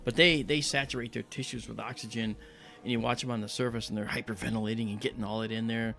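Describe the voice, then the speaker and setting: A man hosts a live astronomy stream in a medium-pitched, creaky voice with a steady but sharp tone and a quick pace, faint music in the background. He rambles in friendly, casual chat, uses many fillers, and greets viewers by name.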